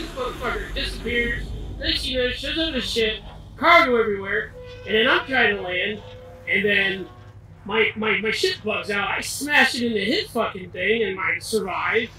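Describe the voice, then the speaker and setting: A man on voice chat, excitedly retelling a game moment with lots of swearing, through a cheap microphone. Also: high voice, moderate pace, soft background music. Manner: excitable, swearing, laughing storyteller. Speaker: fellow player on voice chat. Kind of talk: casual gaming chat. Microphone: cheap desktop mic. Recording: echoey, distant cheap mic.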